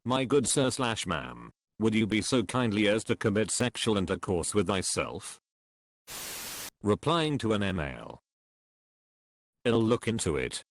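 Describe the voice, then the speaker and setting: A man reading online comments aloud in a slow, dry delivery. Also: fairly low pitch, slight background noise.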